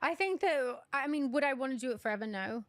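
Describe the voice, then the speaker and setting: A woman co-hosting a family podcast, lively and teasing. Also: high voice, quick pace, no room sound. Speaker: podcast co-host. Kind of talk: casual family podcast chat.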